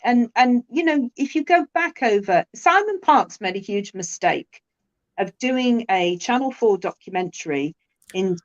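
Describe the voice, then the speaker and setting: A woman with a British accent in a casual conversation, chatty and quick to laugh. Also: on the high side, expressive, muffled recording. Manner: chatty, laughs often, many restarts.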